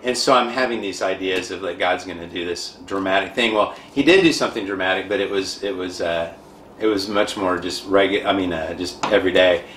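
Lowish-voiced man telling his story. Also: a little fast. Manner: animated, self-described dramatic. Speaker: guest. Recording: echoey room, faint background noise.

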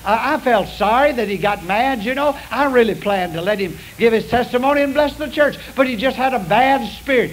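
A pastor with a high voice tells stories to his congregation in a folksy, confessional sermon, speaking with a drawl. The low-quality recording sounds like a hissy old radio broadcast.

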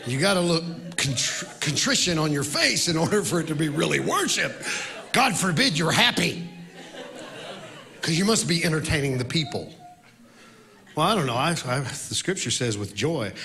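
A man who is a worship leader, telling a story in a sermon and swinging between loud outbursts and quiet reflection. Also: fairly high pitch, expressive, moderate pace.

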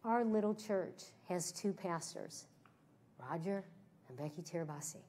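A woman giving a sermon as a guest preacher, telling stories with animated emphasis that swings from hushed to loud. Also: fairly low pitch. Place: church service.

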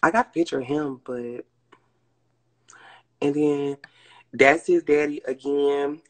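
A man's voice: fairly high pitch, takes it slowly. A man from Georgia, chatting casually and telling stories on a live stream. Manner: chatty, expressive storytelling.

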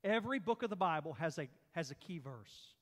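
Lively Southern preacher in a reverberant church. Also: male voice, a little high, brisk. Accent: Southern American. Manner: animated, folksy preaching with dramatic scripture reading. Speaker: pastor. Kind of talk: sermon. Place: church sanctuary. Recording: long hall reverb in church.

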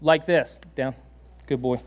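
A man preaching a sermon in a church, animated and laughing often, giving commands to a dog on stage. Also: medium pitch, a little slow. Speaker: pastor. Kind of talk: sermon with a live dog demonstration. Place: church sanctuary.

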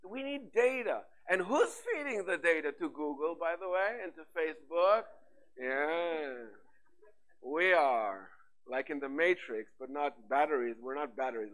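A man giving a conference talk on AI, lively and rhetorical, with frequent fillers and restarts. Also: on the high side, poor audio. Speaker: conference speaker. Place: conference hall.

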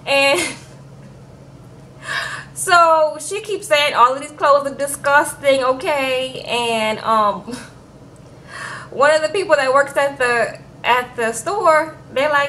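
A woman recapping a reality show in a chatty, animated way, often tagging lines with "okay?". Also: sits high, takes it slowly, long pauses, a little hiss or hum, rough recording. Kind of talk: casual storytelling recap.

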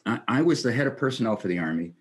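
A man's voice: medium pitch, expressive, racing. A man in his sixties, a retired army general, telling earnest anecdotes in a conversational interview, quoting others and chuckling lightly. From United States.

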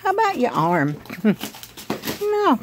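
A woman's voice: on the high side, wildly swooping pitch, slow pace, a little hiss or hum. Woman calling out to her dog. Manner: bubbly sing-song commands and praise to a dog. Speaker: vlogger filming her dog. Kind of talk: casual home video chat. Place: living room at home, on a sofa. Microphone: phone camera.

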